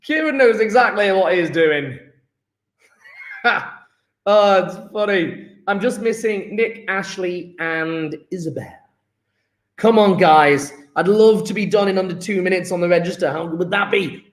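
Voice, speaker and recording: A man's voice: sits high, expressive, unhurried, long pauses, reverberant. A man, a chemistry teacher chatting upbeat and jokey with his class as he takes an online register. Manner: upbeat, joking, chatty with students.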